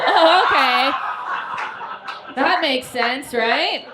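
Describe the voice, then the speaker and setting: A woman performing a stand-up set at a live show in a tavern, delivering brash, deadpan punchlines with laughing asides into a stage mic. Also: sits high, slow, long pauses. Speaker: stand-up comedian. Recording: echoey bar room with loud noise.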